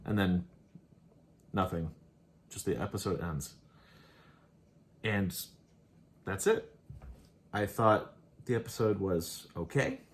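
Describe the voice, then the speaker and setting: A man's voice: low voice, takes it slowly, pauses often. A man casually recapping and reviewing an episode, rambling and laughing as he paraphrases the characters. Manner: rambling, laughs often, quotes characters offhandedly. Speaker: show host reviewing episodes.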